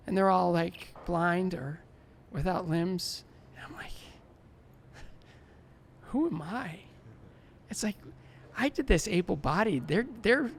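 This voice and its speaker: A man's voice: high-pitched, gravelly, a little hiss or hum. A man in his sixties, a former Olympic skater being interviewed, telling stories animatedly, laughing often and acting out dialogue. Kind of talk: casual interview storytelling.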